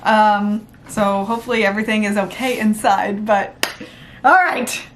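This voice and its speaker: A young woman filming an unboxing vlog, gushing and squealing with excitement, rambling with fillers. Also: mid-range voice, measured pace, slight background noise. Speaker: vlogger.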